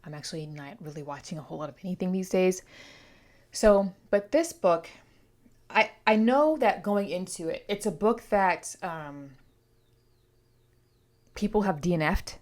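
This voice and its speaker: A woman's voice: fairly low pitch, lively intonation, moderate pace, long pauses, darkish tone. A woman giving a casual, chatty book review on her vlog, rambling with playful asides while congested from allergies.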